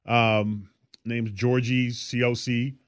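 A man's voice: medium pitch, level tone, slow, clean tone, dry recording. A man co-hosting a podcast, telling stories in a loose, rambling way with lots of fillers. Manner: rambling storyteller, many fillers. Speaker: podcast co-host. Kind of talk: casual chat.

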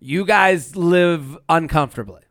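A man's voice: a little high, measured pace, fairly bright tone, dry recording, clean studio sound. A man from the US Northeast co-hosting a comedy chat show, joking and laughing often as he reads out a listener letter. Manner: joking, laughs often, playful voices when quoting. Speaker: podcast co-host.

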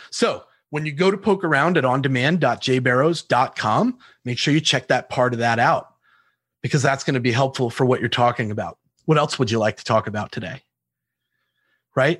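Upbeat sales-trainer guy, higher voice, dry close mic, tells stories by playing out the calls. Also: husky, dry recording. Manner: animated storytelling with quoted dialogue and laughs. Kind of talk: podcast interview answers.

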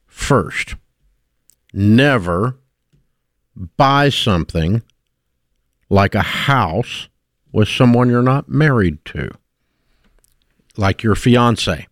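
A man's voice: lowish voice, animated, very slow, pauses often, dry recording, clean studio sound. A middle-aged man hosting a call-in radio show, blunt and emphatic as he lectures listeners about money mistakes. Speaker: radio talk show host.

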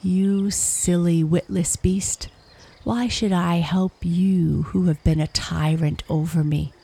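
A woman's voice: fairly low pitch, fairly even intonation, gravelly, mellow, slightly rough, exaggerated voice. A woman voicing a cunning, cruel male fox who mocks and gloats over his trapped friend. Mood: jeering. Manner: jeering, drawn-out taunts.

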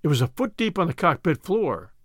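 A man reading a first-person adventure story aloud in an expressive, dramatic way. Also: on the high side, a little fast, no room sound, clean studio sound. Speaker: audiobook narrator. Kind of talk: first-person scripted narration.

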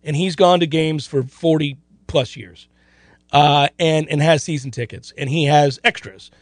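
A middle-aged man hosting a sports radio show, chatting casually and telling stories in an animated, self-deprecating way. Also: a little high, a little slow, no echo. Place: radio studio.

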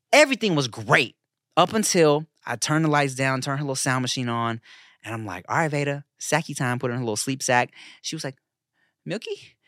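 A man's voice: mid-range voice, fairly bright tone, no room sound, clean studio sound. A man in his thirties co-hosting a podcast, telling family stories in a laid-back way full of slang and swearing. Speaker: podcast co-host. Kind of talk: casual podcast chat.

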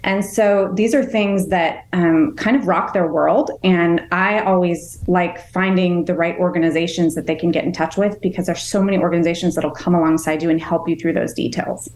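A woman's voice: fairly low pitch, steady tone, normal speed, hardly any pauses, darkish tone, reverberant, a little hiss or hum. A woman guest on a podcast interview, a veteran's wife and caregiver, speaking earnestly and from the heart. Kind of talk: conversational interview.

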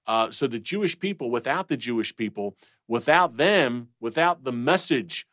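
A man's voice: mid-range voice, expressive, normal speed, a bit bright, no room sound, clean studio sound. A man speaking as an interview guest, emphatic and methodical, laying out his points by number. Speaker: guest, TV host. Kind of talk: conversational teaching.

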